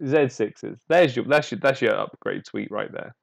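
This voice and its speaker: A man's voice: mid-range voice, moderate pace, gravelly, no echo. A man co-hosting a podcast, chatting casually and analytically about a card game, often laughing. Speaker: podcast co-host.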